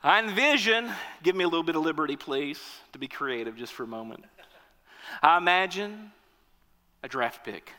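A man preaching a sermon, lively, acting out the reactions of an imagined crowd in raised voices. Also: fairly high pitch, normal speed, in a large hall.

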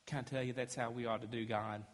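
Pastor guy preaching, gets loud then drops soft, big echoey church. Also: medium pitch, level tone, quick pace. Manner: emphatic preaching, rising and dropping loudness. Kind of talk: sermon. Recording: echoey hall with long reverb.

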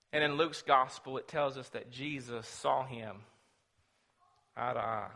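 A man preaching a sermon, telling the story dramatically and swinging between loud and hushed. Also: mid-range voice, measured pace, vocal fry. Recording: long reverb of a large hall.

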